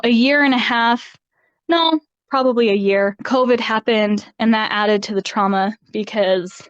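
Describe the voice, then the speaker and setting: A woman recounting her pregnancy experiences in an interview, candid and quick to laugh between phrases. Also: on the high side, clean tone, no room sound. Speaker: podcast guest. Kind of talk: personal story in an interview. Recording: slightly dull dry sound.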